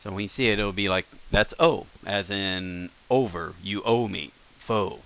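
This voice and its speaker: Lesson-recording teacher, male, slightly low but bright-edged voice, casual and self-correcting. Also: measured pace. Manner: relaxed, thinking aloud with fillers and self-corrections. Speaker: language teacher.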